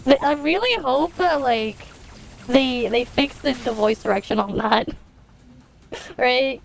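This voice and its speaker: A woman's voice: high voice, slow, vocal fry. A woman streaming a game, chatting casually with viewers in a laid-back way, swearing and laughing often. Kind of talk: casual live-stream chat while gaming. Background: game music.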